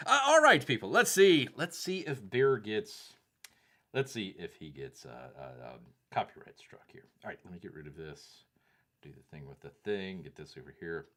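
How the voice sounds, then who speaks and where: A man's voice: sits low, fairly bright tone. A man with a Southern accent hosting a casual live stream, rambling, reading viewer chats and calling himself by a nickname in third person. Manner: reads out viewer chat messages.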